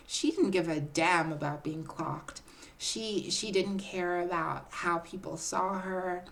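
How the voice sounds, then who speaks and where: A woman sits down for a casual storytime, taking her time with every word in a slightly low, relaxed voice. She is confiding and dramatic, calling her listeners "girl" and pausing to build the moment. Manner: chatty, confiding, keeps addressing listeners as "girl"; dramatic storytelling with pauses and restarts. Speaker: vlogger telling a personal story.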